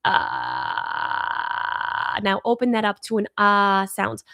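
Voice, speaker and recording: A woman leading a live-streamed singing warm-up as a vocal coach, encouraging and upbeat, praising her viewers often. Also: medium pitch, level tone, moderate pace, clear, resonant tone, no echo, studio quality. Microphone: in front of her own camera.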